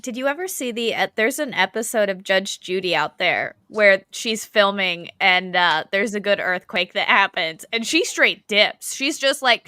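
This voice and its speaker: An Australian woman co-hosting a casual chat, animated and quick to laugh as she retells stories. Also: medium pitch. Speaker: co-host.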